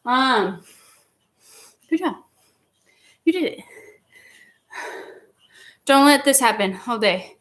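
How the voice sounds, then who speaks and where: Her slightly high, bright-ish voice is expressive as she takes things slowly, leaving long pauses while counting reps and giving playful encouragement during a livestreamed workout she's instructing. Faint workout music plays in the background, and the echoey room leaves her sounding distant from the mic.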